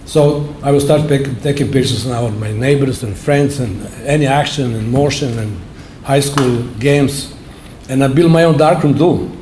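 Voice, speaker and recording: A man in his seventies giving an award acceptance speech, telling his story in plain, halting words with simple phrasing. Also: medium pitch, noisy background. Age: 70s. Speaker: award honoree. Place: awards banquet hall. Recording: roomy hall echo.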